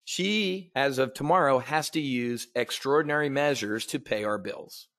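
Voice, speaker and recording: A man's voice: mid-range voice, moderate pace, fairly bright tone, no room sound. Blunt sarcastic guy ranting on a market stream, cussing a lot, dead dry mic. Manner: blunt, swearing, sarcastic ranting with repeated restarts. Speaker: host of a trading market briefing. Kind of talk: casual profane livestream commentary.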